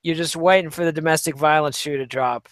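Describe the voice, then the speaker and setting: Wry high-voiced podcast co-host. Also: male voice, fairly even intonation, fairly quick, dry recording. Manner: wry, rambling commentary with many fillers. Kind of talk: casual chat.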